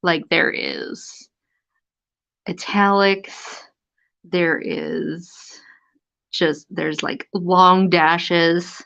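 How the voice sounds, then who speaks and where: A woman with a slightly low voice talks slowly and chattily on a live stream, amused by what she shares. The audio is dull and lo-fi, like a basic streaming setup. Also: steady tone, creaky, a bit bright. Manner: amused and chatty, laughs often, reads with theatrical emphasis. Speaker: antique book seller hosting a live stream. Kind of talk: casual live stream, reading aloud from an old magazine.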